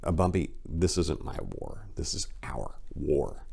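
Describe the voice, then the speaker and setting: A slick, smooth-talking man in a sharp suit, as a man puts him on in a storybook reading. He speaks softly and earnestly, very low and quiet, pitched deep below the narration. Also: very animated, takes it slowly, exaggerated voice.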